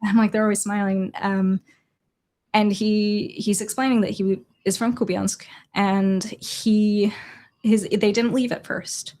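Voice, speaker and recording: A young adult woman from Chicago, a journalist guest, telling a story in an earnest, halting way with quoted dialogue. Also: medium pitch, level tone, a little mellow. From Chicago, USA. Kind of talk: storytelling in a conversational interview.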